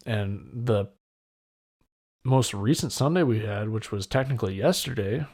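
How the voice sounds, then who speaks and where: A young man in his twenties talks through a solo podcast episode in a loose, rambling, candid way, often poking fun at himself. His voice sits on the low side with a lot of gravelly fry, and his mouth sounds wet as he speaks. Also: very animated, a little slow, a little mellow. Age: 20s. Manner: rambling, self-deprecating, candid. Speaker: podcast host. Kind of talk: solo casual podcast chat.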